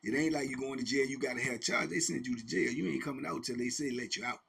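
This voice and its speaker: Animated, husky-voiced male storyteller. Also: mid-range voice, fast. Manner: animated, slangy, repeats phrases for effect. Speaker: host and storyteller. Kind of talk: casual storytelling.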